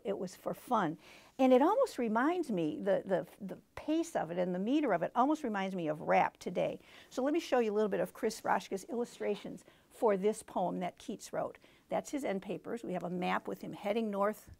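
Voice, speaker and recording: A woman's voice: mid-range voice, gravelly, a little mellow. A woman hosting a book talk for teachers, explaining in a teacherly way and reading poems aloud. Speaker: book reviewer and show host.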